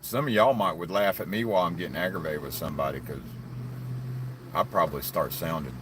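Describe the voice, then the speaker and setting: Brief: very low-voiced man, Southern drawl, blunt and cussing, rambling live-stream talk, faint ambience behind. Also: a little fast, noisy background. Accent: Southern US hillbilly. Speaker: livestreaming vlogger. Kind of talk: casual live-stream chat.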